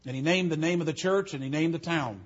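A man's voice: a little high, fast talker, lo-fi sound. A man preaching a sermon, rambling into stories and repeating his phrases for emphasis.

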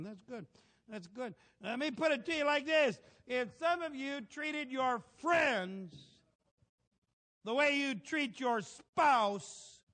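A middle-aged man preaching a folksy, animated sermon, asking the congregation for amens. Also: very high-pitched.

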